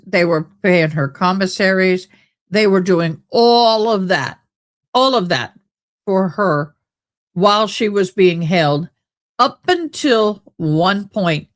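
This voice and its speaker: Hosting a live stream, a woman with a fairly low voice reads letters aloud and offers casual commentary. Her manner is loose and chatty, full of drawn-out exclamations.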